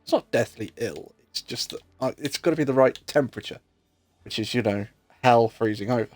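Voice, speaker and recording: A man's voice: mid-range voice, brisk, no room sound, soft background music. A British man in his thirties chatting casually while streaming a game, joking and telling stories with plenty of swearing. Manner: animated, joking storyteller who swears freely. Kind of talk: casual chat while gaming.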